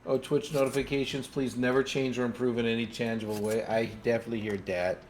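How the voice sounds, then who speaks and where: A man's voice: medium pitch, level tone, fast, soft background music. A man streaming a game live, chatting casually with friends and his chat in a playful, teasing way.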